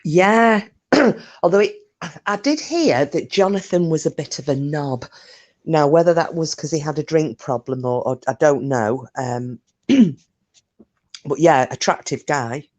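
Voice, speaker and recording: A woman's voice: sits low, unhurried, a little mellow. A woman chatting on a live stream, talkative and self-mocking. She swears freely and rambles through her stories with viewers in an easy, casual way. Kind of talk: casual chat and storytelling with viewers.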